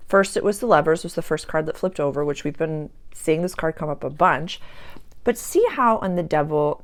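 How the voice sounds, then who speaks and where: Woman host, spiritual coach, casual chatty delivery, low and gravelly. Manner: chatty, animated, acts out quoted voices.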